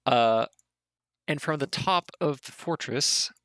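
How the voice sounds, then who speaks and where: A man narrating a tabletop game as dungeon master, in a loose, halting way with spoken sound effects. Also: medium pitch, creaky, sharp tone, no echo.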